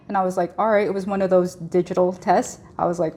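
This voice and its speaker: Woman in her 30s telling her story to an interviewer, animated, acts out the back-and-forth, laughs a lot. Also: fairly low pitch, a little fast. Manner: animated, laughs often, acts out quoted dialogue. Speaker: guest sharing her pregnancy story. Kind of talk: emotional personal storytelling.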